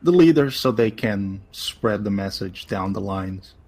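A male player speaks slowly and deliberately, giving orders as his character. His voice is low and husky. He sounds commanding. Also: animated, a little mellow. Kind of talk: tabletop role-play.

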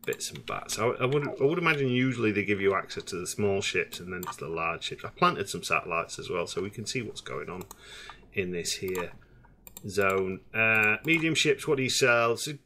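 A man's voice: on the low side, pushed and bright, slight background noise. A man giving casual, rambling let's-play commentary on a space game, full of hesitations. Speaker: gaming streamer.

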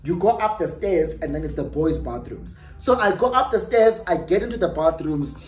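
A young adult YouTuber with a South African accent, telling a storytime in an animated, gossipy way and dropping in Xhosa phrases and tag questions. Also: mid-range voice, normal speed. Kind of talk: storytime vlog. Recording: roomy echo with faint music.

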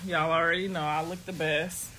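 A woman in her thirties from Ohio tells a story in a loose, chatty way. Her voice is bright and sharp, and she laughs a lot and swears freely. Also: sits low, normal speed, slight background noise. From Ohio, United States. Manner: animated, profane, laughs often. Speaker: vlogger. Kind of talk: casual storytelling.

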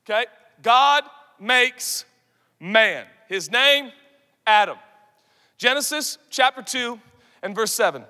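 Male pastor, 30s, high bright voice, animated stage sermon with shouts and hushed asides. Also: slow, long pauses. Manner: animated, shifts from loud shouts to soft asides, acts out quoted voices. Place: large conference hall. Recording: long hall reverb.

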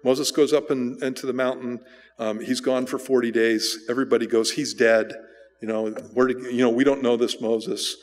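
A man's voice: medium pitch, steady tone, normal speed. Casual man preaching in a reverberant hall. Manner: casual, rambling with restarts and fillers. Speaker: pastor. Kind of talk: conversational sermon. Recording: church hall with long reverb.

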